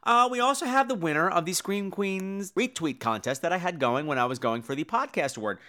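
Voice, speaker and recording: Campy podcast host, man, bright voice, lively swooping pitch, profane comic rant. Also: brisk. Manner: campy, profane, acts out quoted people. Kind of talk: comedic rant.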